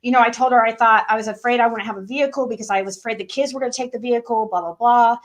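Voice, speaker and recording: A woman's voice: a little high, fairly even intonation, racing. A woman guest on a live stream, telling her side in a rambling way and often repeating and restarting. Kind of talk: casual live-stream chat.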